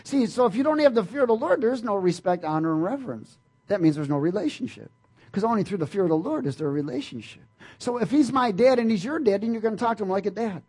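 A man's voice: high voice, animated, fast talker, darkish tone, husky. A male pastor preaching a sermon, emphatic and folksy, calling out to the congregation for responses. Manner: folksy and playful.

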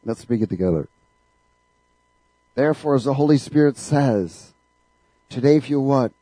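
A preacher delivers a fervent sermon in a church, throwing questions to the congregation so they answer back. His warm, mellow, medium-pitched voice is animated and moderately paced. The recording is dry and close, with no echo and poor audio quality.

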